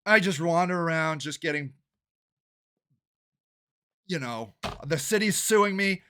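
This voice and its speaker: An older man, a local activist and council candidate, ranting angrily and swearing in a shouting monologue. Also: on the high side, expressive, clear, resonant tone. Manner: shouting, swearing, fast and agitated. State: angry and worked up.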